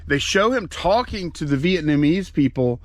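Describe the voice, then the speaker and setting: A man's voice: fairly high pitch, lively intonation, moderate pace. A man chatting casually and rambling while packing orders as co-host of a reselling channel. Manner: rambling, self-interrupting, folksy.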